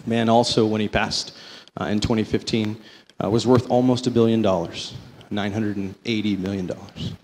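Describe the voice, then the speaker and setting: A man sharing his faith testimony before an audience, telling it as a story that swings between slow, emphatic phrases and quicker runs. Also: lowish voice, level tone, darkish tone, long reverb tail, slight background noise. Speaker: company vice president giving a testimony.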